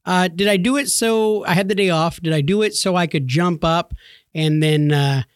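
A man's voice: sits high, normal speed, dry recording, studio quality. A man in his thirties co-hosting a casual podcast, telling stories and acting out the voices. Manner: animated storyteller, acts out voices. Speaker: podcast co-host. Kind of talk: casual chat.

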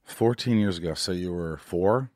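Brief: low-voiced male host, dry close mic, jokey and loose. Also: normal speed, darkish tone, no echo. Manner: joking, loose and rambling. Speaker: podcast host. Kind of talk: casual interview chat.

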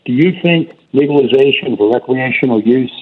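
A man's voice: mid-range voice, moderate pace, slightly rough. A man calling in to a show, asking a question hesitantly with many fillers. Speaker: caller. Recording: tinny phone line.

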